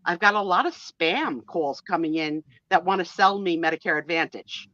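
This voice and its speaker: A woman in her sixties hosting a casual live-stream chat, talkative and quick to laugh. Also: fairly low pitch, no echo, lo-fi sound. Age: 60s. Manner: chatty and animated, laughs easily. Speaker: host.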